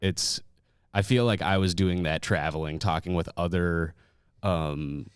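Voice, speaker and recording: A man with a very low, smooth and clear voice chats on a podcast. He sounds relaxed and joking, recorded close and dry. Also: measured pace, no echo. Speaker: podcast co-host. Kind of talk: casual chat.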